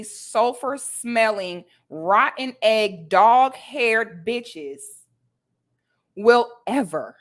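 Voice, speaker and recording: A woman's voice: mid-range voice, a bit bright. A woman talking straight to her viewers in a confrontational casual rant, full of sassy asides and repeated "okay?" tag questions. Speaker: vlogger.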